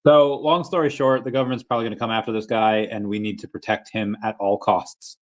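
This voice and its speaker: A man's voice: fairly low pitch, steady tone, fairly quick, highs cut off. A man hosting a casual livestream, reading headlines aloud and greeting chat viewers, often restarting his words. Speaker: livestream host.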